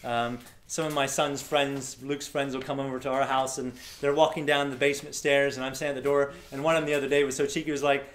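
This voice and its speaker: A man's voice: mid-range voice, fast, few pauses. A middle-aged man from Florida telling a story to a live audience, acting out the voices of the people in it. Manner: animated, acts out voices of people in his story. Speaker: speaker. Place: event room with a live audience.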